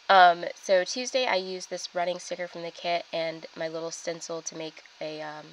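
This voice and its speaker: Chatty young woman, lowish voice. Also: fairly bright tone, slight background noise, poor audio. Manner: chatty, filler-heavy, with many ums and likes. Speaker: planner vlogger. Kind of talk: casual plan-with-me narration.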